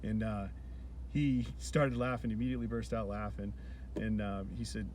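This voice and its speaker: A man's voice: on the low side, fairly even intonation, normal speed, background noise. A man in his forties talking in a casual, earnest monologue, blunt, sometimes swearing and repeating words. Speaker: vlog host.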